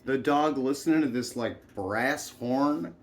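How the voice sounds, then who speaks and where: A man's voice: mid-range voice, takes it slowly, a little hiss or hum. A man telling a meandering personal story in a folksy style, with asides and chuckles.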